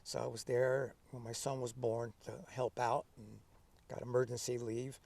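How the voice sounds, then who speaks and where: An older man in his seventies with a gravelly edge to his voice and a relaxed storytelling style. He tells his stories in a lively way, acting out the lines of the people in them. He sits a little away from the mic. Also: mid-range voice, moderate pace, distant mic. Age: 70s. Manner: lively, acts out remembered dialogue. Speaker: interview guest, veteran. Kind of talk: conversational storytelling.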